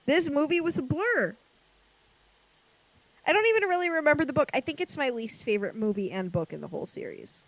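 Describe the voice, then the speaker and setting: A woman's voice: high-pitched, lively intonation, fairly quick, no echo, rough recording. A woman co-hosting a podcast in casual chat, sassy and self-mocking, often laughing. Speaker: podcast co-host.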